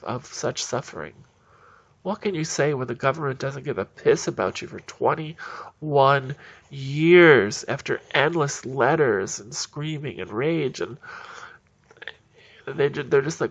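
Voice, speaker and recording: A man's voice: mid-range voice, slow pace, gravelly, pauses often, husky, muffled recording. A man giving heated, indignant solo political commentary in a ranting manner.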